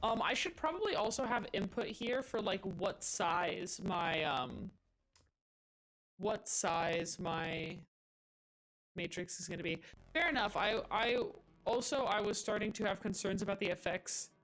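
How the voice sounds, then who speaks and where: A woman's voice: medium pitch, unhurried, fairly bright tone. A woman live-streaming as she codes, chatting casually and thinking aloud in a rambling way with many fillers. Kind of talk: casual live-stream chat while coding.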